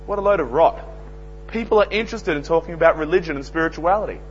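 Earnest Australian preacher, slightly high voice. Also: male voice, fast talker, fairly bright tone. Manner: earnest, plain-spoken, tells anecdotes. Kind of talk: evangelistic sermon. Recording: dull lo-fi recording with faint hum.

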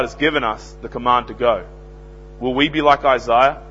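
A man preaching a sermon, swinging from loud emphasis to hushed lines. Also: mid-range voice, fairly even intonation, moderate pace, breathy edge. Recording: dull lo-fi recording with faint mains hum.

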